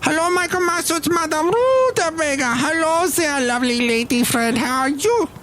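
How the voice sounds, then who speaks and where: A man voicing a flamboyant older female fortune-teller and dressmaker in a high, theatrical, sing-song voice. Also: expressive, normal speed, a bit bright, a little hiss or hum.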